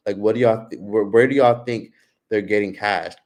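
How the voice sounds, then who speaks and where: A man's voice: fairly low pitch, normal speed, a little mellow. A man hosting a livestream, ranting casually and profanely straight to his viewers. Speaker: livestream host.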